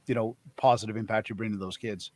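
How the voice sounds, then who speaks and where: A man's voice: lowish voice, fairly even intonation, fast talker, a little mellow, no echo. A man hosting a podcast over a video call, asking long, encouraging, rambling questions. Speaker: podcast host. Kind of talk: interview questions.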